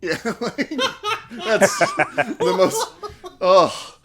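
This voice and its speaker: A man's voice: high-pitched, wildly swooping pitch, drawn-out words, a crowd in the background. A man co-hosting a podcast, chatting casually about a movie, sharing trivia and laughing often. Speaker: podcast co-host.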